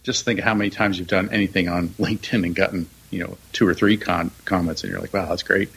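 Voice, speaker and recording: A man co-hosting a podcast, telling a story in a joking, halting way. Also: low-pitched, steady tone, vocal fry, fairly bright tone, slightly rough, low-quality recording. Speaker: podcast co-host. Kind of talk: casual chat.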